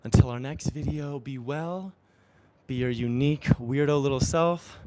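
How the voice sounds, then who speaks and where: A spiritual coach exercises while giving a live-streamed motivational talk, his mid-range voice dark in tone and at a normal speed. He is earnest and affirming and chuckles often.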